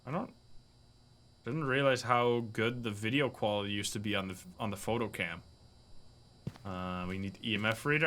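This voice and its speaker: A man streaming a ghost-hunting game, chatting casually, mumbling then bursting into loud excited outbursts and swearing. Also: medium pitch. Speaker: streamer playing a horror game. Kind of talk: casual livestream commentary.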